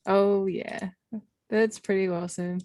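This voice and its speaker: A woman's voice: mid-range voice, level tone, measured pace, a little mellow, dry recording, studio quality. A woman player at a tabletop game, chatting casually, giggly and a little hesitant.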